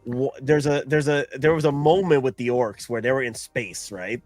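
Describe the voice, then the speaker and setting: A man hosting a casual stream chat who talks in an excitable, rambling way and laughs often. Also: mid-range voice, normal speed, no room sound, faint music behind. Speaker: streamer host.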